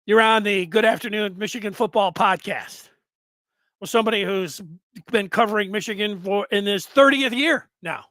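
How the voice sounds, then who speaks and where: High bright-voiced man hosting a sports podcast. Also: moderate pace, no echo. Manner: rambling and conversational, with restarts and asides. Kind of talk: casual sports podcast commentary.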